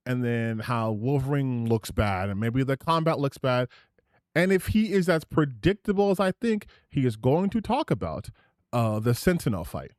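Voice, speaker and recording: Animated sarcastic male streamer, dry sound. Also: mid-range voice, no room sound. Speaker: streamer reacting to a video. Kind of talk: casual reaction commentary.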